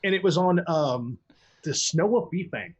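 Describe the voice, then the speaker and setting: Husky and expressive, a man speaks at normal speed as a guest in a relaxed podcast conversation. He tells rambling stories in blunt, foul language, performing quoted voices with large pitch jumps.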